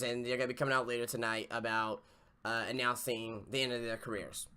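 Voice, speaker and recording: A man's voice: mid-range voice, pushed and bright, smooth. A man hosting a podcast who gives a casual, profane, exasperated spoken review. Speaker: podcast host. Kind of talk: casual wrestling review rant.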